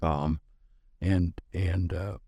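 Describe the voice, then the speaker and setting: Man, 60s, podcast guest; low, dry, rambling self-deprecating storyteller. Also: fairly even intonation, extremely slow, creaky, dark tone, no echo. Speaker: podcast guest, business founder. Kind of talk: casual storytelling interview.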